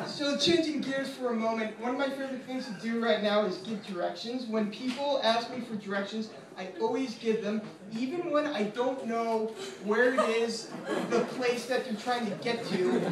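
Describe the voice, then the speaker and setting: A man in his twenties, a law student, doing casual and profane stand-up comedy with lots of fillers at an open mic. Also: extremely high pitch. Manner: casual, profane, self-deprecating delivery with many fillers. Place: small comedy venue with live audience. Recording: echoey room from far off, noisy.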